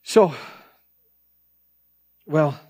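A man's voice: extremely slow, darkish tone. A middle-aged male pastor preaching a sermon in a casual, slangy way, often repeating words as he goes.

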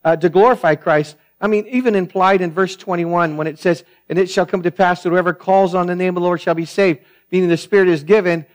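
Male pastor in the pulpit; earnest, emphatic, repetitive delivery with loud and hushed swings, voice a touch high. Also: steady tone, brisk, hardly any pauses. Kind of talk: sermon.

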